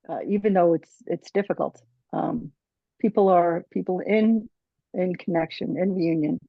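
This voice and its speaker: A woman presenter giving personal closing remarks at a conference, halting and restarting often and checking in with "right?". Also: fairly low pitch, no room sound. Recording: dull dry lo-fi sound.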